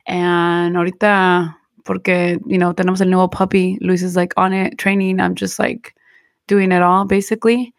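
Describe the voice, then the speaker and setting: A woman's voice: fairly low pitch, flat delivery, normal speed, gravelly, no room sound, studio quality. A tired woman co-hosting a casual podcast chat, still recovering from a lost voice, mixing English and Spanish. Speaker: podcast co-host.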